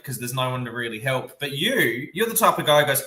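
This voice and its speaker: Bright-voiced young man in an echoey room. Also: medium pitch, big pitch swings, a little fast, recorded from a distance. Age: late twenties. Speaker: podcast co-host. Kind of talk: casual chat.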